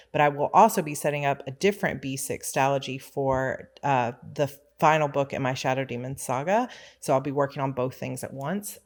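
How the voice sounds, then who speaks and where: A woman author chatting casually as she shows her planner supplies, relaxed and rambling with small asides. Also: very deep voice. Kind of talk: casual chatty show-and-tell.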